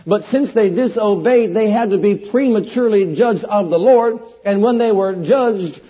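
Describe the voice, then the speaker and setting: Husky high-voiced male preacher. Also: moderate pace. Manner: earnest, repetitive emphatic preaching with scripture quotes. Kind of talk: sermon. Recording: dull lo-fi sound.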